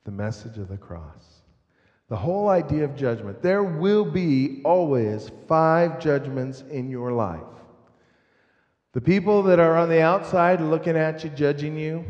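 A man preaching a sermon in a church sanctuary, reading scripture slowly and emphatically. His voice sits a little high, and it rings out in a roomy, echoing hall. The recording is muffled and lo-fi. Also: darkish tone. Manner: slow, emphatic preaching with scripture readings and congregation call-and-response. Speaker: pastor.

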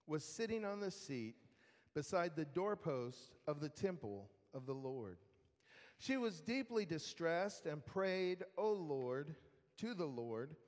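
Man preaching, unhurried delivery, dry humor, fairly high voice, long reverb from a large hall. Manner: slow, conversational storytelling with dry humor. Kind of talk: sermon.

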